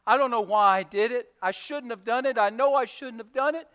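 A man's voice: fairly quick, fairly bright tone, clear, resonant tone. A man voicing a guilty male servant who stammers and begs for mercy, with long hall reverb. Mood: pleading. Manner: stammering, begging, voice dropping low.

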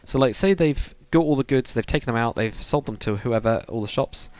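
A man's voice: medium pitch, fairly quick, a little mellow, no echo. A young man, chatting casually on a live stream while building in a game, rambling and reading viewer comments aloud.

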